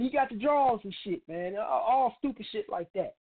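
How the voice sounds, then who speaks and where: A man's voice: sits high, lively intonation, moderate pace. Blunt profane man on a tinny line. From Chicago, United States. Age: middle-aged. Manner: blunt, profane, street slang. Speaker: radio show host. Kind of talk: opinionated monologue.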